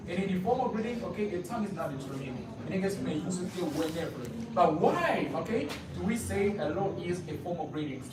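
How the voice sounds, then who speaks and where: A man asking pointed questions at a live event, halting and full of fillers, pressing his point. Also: sits high. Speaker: audience questioner. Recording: echoey distant room mic with heavy noise.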